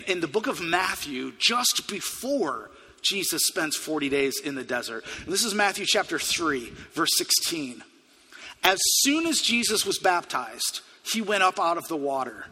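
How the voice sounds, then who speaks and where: Male preacher, earnest storyteller; high, forceful voice in a reverberant sanctuary. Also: husky. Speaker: pastor. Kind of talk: sermon. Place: church sanctuary. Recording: long hall reverb.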